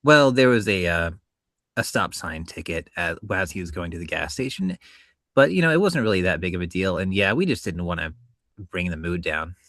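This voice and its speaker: A man speaking in casual podcast chat, measured and polite, reflecting carefully with small filler pauses. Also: low-pitched, animated, fairly bright tone, no echo. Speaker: podcast guest or co-host.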